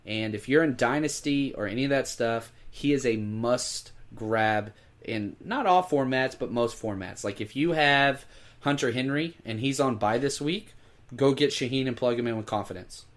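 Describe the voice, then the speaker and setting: Man, podcast co-host, casual sports chat, emphatic tips, middle-pitched voice. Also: normal speed. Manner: emphatic, urging listeners to pick up players. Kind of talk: casual fantasy football chat.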